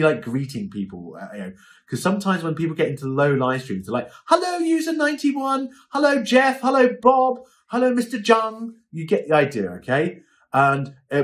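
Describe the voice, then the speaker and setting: A man giving a chatty, informal lesson on livestream selling, often checking in with "okay?". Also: mid-range voice. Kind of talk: informal instructional talk.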